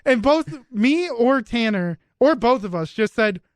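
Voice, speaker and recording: A man's voice: extremely high pitch, animated, measured pace, no room sound, studio quality. A young man hosting a radio sports show, teasing his co-hosts in casual banter. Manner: teasing, wry, lots of restarts. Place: radio studio.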